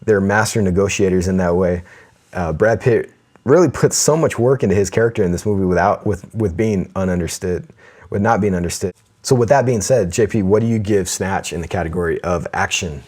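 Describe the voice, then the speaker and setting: A man's voice: deep voice, fairly quick, darkish tone. A man co-hosting a casual podcast, grading a movie and leading the chat, often restarting his phrases. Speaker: podcast co-host.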